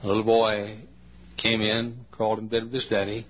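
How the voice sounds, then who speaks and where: A longtime pastor preaching a sermon in a large church, telling a story in a folksy, slow and emphatic way. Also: male voice, fairly low pitch, level tone, a little hiss or hum. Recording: dull lo-fi church recording.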